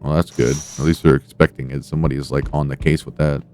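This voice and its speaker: A man's voice: a bass voice, little pitch movement, fast, a little mellow, smooth. A man casually commenting on a game during a live stream, laid-back and wry, swearing now and then.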